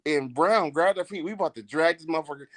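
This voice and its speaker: A man's voice: fairly high pitch, fast talker, no echo. A man telling a long, profane story in casual podcast chat, laughing as he goes.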